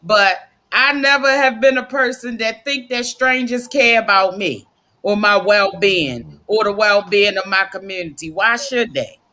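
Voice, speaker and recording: A woman on a live podcast panel, speaking in a measured, reflective way and calling herself cynical. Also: medium pitch, bright, forceful tone.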